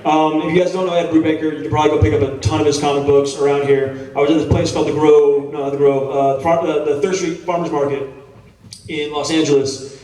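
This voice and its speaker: A man in his thirties tells stories to a convention crowd in a relaxed, chatty way, poking fun at himself. His voice sits a bit high. It rings through a big echoey hall, picked up from some distance. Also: fast talker. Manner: laid-back, chatty, self-deprecating, swears casually. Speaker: actor answering fan questions on a panel. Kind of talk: casual storytelling Q&A.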